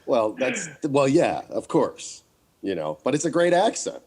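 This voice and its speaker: A man's voice: medium pitch, wildly swooping pitch, measured pace, darkish tone, husky. An American man co-hosting a podcast, chatting casually and telling rambling, jokey stories. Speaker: podcast co-host. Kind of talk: casual chat.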